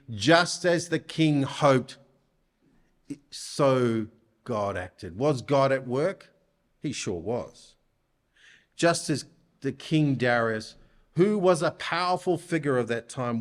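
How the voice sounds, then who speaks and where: Slow, deliberate male preacher. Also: medium pitch. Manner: deliberate, asks the listeners rhetorical questions. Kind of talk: sermon. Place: church.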